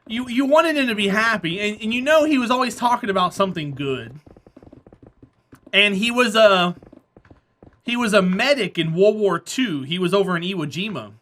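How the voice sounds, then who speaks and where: A man's voice: high voice, sharp tone. A man streaming a game, chatting casually with viewers and telling rambling stories, laughing often. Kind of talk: casual chat with viewers while gaming.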